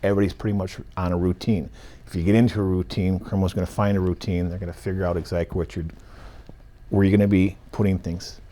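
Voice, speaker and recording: A man's voice: low-pitched, flat delivery, fast talker, dark tone. A man working as an evidence technician, explaining step by step in short listed phrases during an interview. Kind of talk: interview answers.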